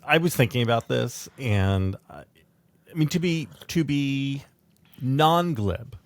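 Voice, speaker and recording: A man's voice: mid-range voice, animated. Wry argumentative man podcast co-host. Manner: wry, argumentative, deliberate when explaining. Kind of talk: casual political chat.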